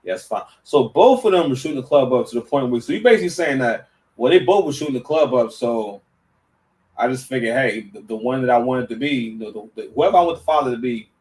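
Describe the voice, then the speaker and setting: A man's voice: mid-range voice, fast, far from the mic, rough recording. A man giving casual reaction commentary, stammering and restarting, full of slang. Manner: stammering, slang-heavy, animated.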